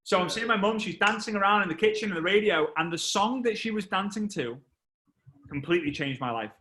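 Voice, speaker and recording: A man, a motivational speaker telling a story on stage, animated and acting out voices and sound effects. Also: high voice, brisk.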